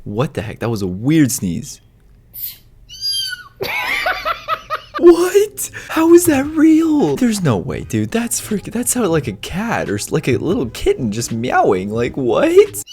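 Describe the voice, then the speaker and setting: A man hosting a reaction video in casual, jokey commentary, excitable and swinging from low mutters to squealing laughs. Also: moderate pace, few pauses, noisy background. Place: outdoors area with wind nearby.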